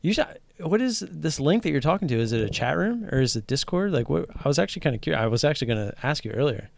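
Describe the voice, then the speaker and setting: Streaming live from home in headphones, a gravelly, excitable man chats casually about day trading. He talks fast on the high side, swears offhandedly and keeps restarting as he rambles, with no room sound.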